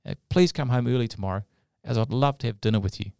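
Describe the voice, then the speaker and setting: A man's voice: mid-range voice, quick pace, gravelly, a little mellow, clean tone, no echo, clean studio sound, close to an everyday voice. A man voicing a young boy who earnestly pleads with his father for his time. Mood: pleading.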